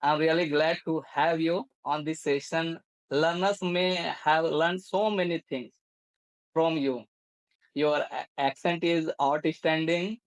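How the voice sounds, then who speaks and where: A man's voice: a little high, steady tone, slow, dry recording, low-quality recording. A man hosting an English-learning interview, politely thanking and praising his guest. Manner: polite, full of praise and brief agreement. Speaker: host of an English-learning channel. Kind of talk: interview conversation.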